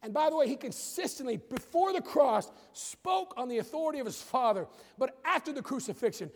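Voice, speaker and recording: High-voiced man preaching in an echoing hall. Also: lively intonation, fairly quick. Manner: preaching with rising emphatic outbursts. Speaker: pastor. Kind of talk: sermon.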